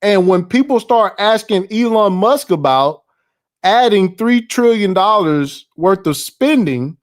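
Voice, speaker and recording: A man's voice: sits high, animated, measured pace. Profane laughing man riffing on politics. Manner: loose, profane, laughing, reacting to on-screen ads. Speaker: political commentary host. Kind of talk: casual profane political commentary.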